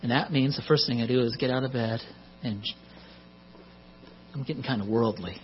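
A man's voice: medium pitch, normal speed. A middle-aged man preaching a sermon in a conversational way, with joking asides, on a muffled recording with mains hum.

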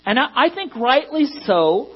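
A man's voice: extremely high pitch, very animated, unhurried, slightly rough. A man preaching a sermon to a congregation in a conversational way that rises to emphatic peaks. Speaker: pastor. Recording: dull lo-fi recording with mains hum.

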